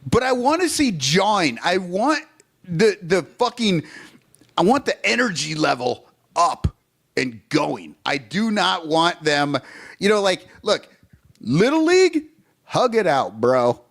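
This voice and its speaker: A man's voice: sits high, very animated, a little slow, creaky, fairly bright tone. Ranting, profane baseball fan man. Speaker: podcast co-host. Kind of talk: casual sports chat.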